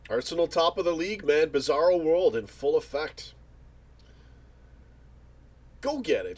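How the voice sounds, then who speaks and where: A man's voice: on the high side, animated, measured pace, pauses often, slightly rough. A man hosting a casual livestream, reading viewer comments and chatting in rambling, joking banter with frequent restarts. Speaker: livestream host.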